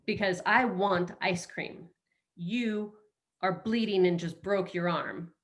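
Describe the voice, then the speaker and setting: A woman's voice: medium pitch, slow. A middle-aged woman hosting a webinar, coaching in a casual, playful way and slipping into quoted self-talk, speaking over a video call.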